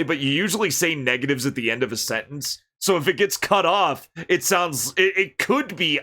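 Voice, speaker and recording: A man streaming a horror game, reacting excitably and reading the characters' dialogue aloud. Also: a little high, moderate pace. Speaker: livestreamer. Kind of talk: let's play commentary.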